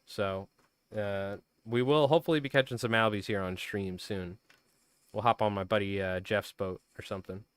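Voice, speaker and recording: A man streaming live, chatting casually and calling a marble race with loud bursts of excitement. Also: fairly low pitch, moderate pace, clean tone, no echo. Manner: rambling, laid-back, bursts into loud excited commentary. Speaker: streamer and fly tier. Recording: faint music under the voice. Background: background music.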